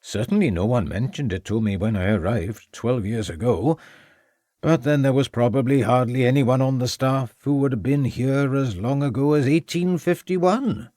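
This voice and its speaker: Loud Welsh headmaster, guarded and formal, read by a male narrator, dry close sound. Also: medium pitch, no echo, lightly acted. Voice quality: loud, measured.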